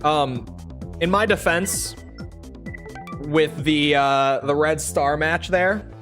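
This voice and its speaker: A man's voice: fairly high pitch, slow, a bit bright, faint music behind. A young man streaming a video game, chatting casually and picking apart the mission text with sarcastic asides. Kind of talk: casual gameplay commentary.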